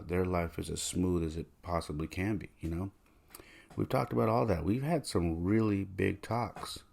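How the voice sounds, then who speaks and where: A man in his thirties hosting a podcast, telling a personal story in a soft-spoken, rambling way with many restarts. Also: low-pitched, creaky. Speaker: podcast host. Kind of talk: reflective personal monologue.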